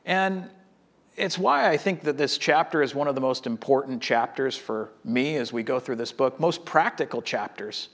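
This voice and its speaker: A man preaching a sermon in a conversational, animated way, acting out the people in the story. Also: mid-range voice, moderate pace. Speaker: pastor.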